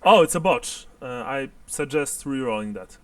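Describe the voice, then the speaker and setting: A man's voice: mid-range voice, expressive, normal speed, no room sound, far from the mic. A man narrating and explaining rules as game master of a tabletop game, laughing often.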